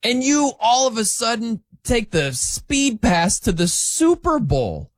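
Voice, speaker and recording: Male sports talk host, emphatic and rambling, lively pitch, dry close sound. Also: slow pace, no echo. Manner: animated, emphatic, rambling with restarts. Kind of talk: opinionated sports commentary.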